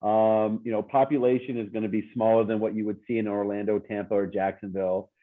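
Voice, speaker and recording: A man's voice: on the low side, little pitch movement, fairly quick. A man who co-owns a business, answering interview questions in an upbeat, emphatic way. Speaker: coworking space co-owner. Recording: tinny phone-like line.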